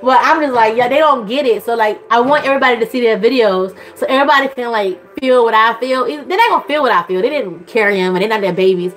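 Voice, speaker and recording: A woman's voice: quick pace, hardly any pauses, faint music behind. A woman, chatting casually to camera as a vlogger and mother, rambling and gushing. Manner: rambling and gushing, swings into high excited voices.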